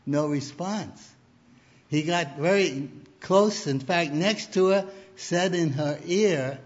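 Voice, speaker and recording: Male preacher, slow deliberate sermon delivery, lo-fi muffled sound. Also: a little high. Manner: deliberate, storytelling with humor.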